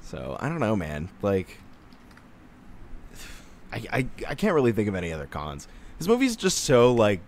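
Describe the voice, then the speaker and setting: Young male podcast co-host, low but lively, casual and rambling. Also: normal speed, long pauses, slight background noise. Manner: animated, filler-heavy, laughs often. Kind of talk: casual chat.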